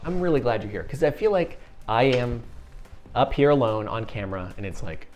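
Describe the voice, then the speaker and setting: A man's voice: mid-range voice, a little fast, soft background music. A man hosting a casual wine tasting, joking and bantering with a friend. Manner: jokey, animated, playful banter. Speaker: wine reviewer host.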